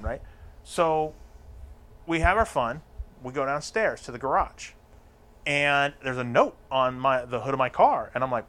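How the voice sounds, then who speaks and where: A man's voice: mid-range voice, brisk, fairly bright tone. A man telling a crude, profane story in casual chat, acting out the lines of the people in it.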